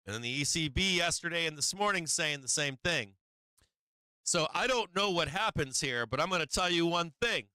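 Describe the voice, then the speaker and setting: A man's voice: a little high, normal speed, clear, resonant tone, no echo. Brash, swearing man explaining charts. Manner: blunt, swearing, animated with mock quotes of traders. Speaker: stock market livestream host. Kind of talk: casual profane market commentary.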